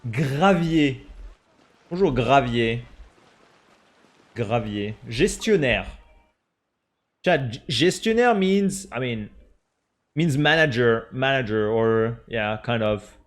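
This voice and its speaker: A man's voice: medium pitch, slow, long pauses, soft background music. A man with a French accent, a native French speaker, chatting casually with his stream audience and talking right to the chat. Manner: chatty, animated, addresses chat directly.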